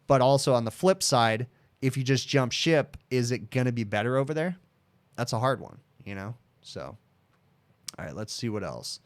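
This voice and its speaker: A man's voice: medium pitch, expressive, moderate pace. A man in his thirties, an HVAC technician hosting a casual livestream Q and A, answering viewer questions in a frank, chatty way. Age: 30s. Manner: frank, chatty, addresses viewers as dude and bud.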